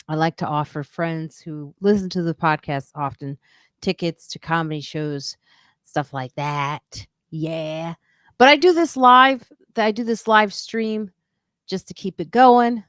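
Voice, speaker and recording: A comedian and podcast host talks casually on her own live stream, welcoming viewers and reading their comments aloud while noting she's doing a weird low radio voice. She speaks slowly with a fairly bright, clean tone, and the studio sound is clean with no echo.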